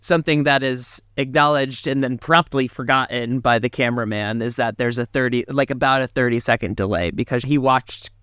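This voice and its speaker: A man co-hosting a podcast, recapping a film in a casual, animated way. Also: brisk, few pauses, clear, resonant tone, no echo, studio quality. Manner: animated, jumps into high mocking impressions. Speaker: podcast co-host.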